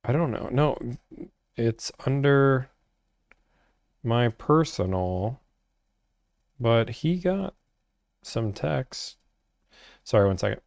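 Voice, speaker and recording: A young livestream host answers viewers' chat questions one after another in a laid-back, chatty way. His middle-pitched voice is gravelly and darkish, animated yet slow, with long pauses. The sound is dry and close, with no room echo.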